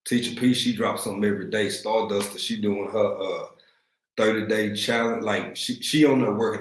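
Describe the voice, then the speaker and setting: A man from East Texas with a Texan accent, his voice sitting low as he hosts a relaxed livestream. He talks slangy and easygoing, greeting viewers in the chat. The sound carries the echo of the room he's in. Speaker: livestream host. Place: room at home, in Africa.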